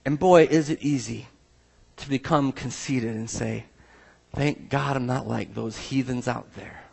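A man's voice: mid-range voice, unhurried, gravelly, a little mellow, slightly rough. A male pastor preaching an earnest, emphatic sermon, often restarting his sentences.

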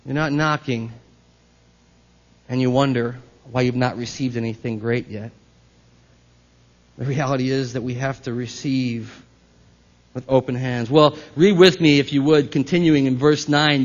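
A man's voice: fairly high pitch, muffled recording. A man preaching a sermon as pastor, talking in a conversational way and putting questions to the congregation.

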